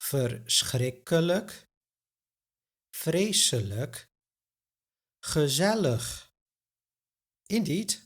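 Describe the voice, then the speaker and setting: A male language teacher, speaking very slowly in a slightly breathy voice. His pitch rises and falls a lot as he carefully enunciates each example word. He sounds like he is teaching a pronunciation lesson. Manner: carefully enunciates example words, then gives their translations.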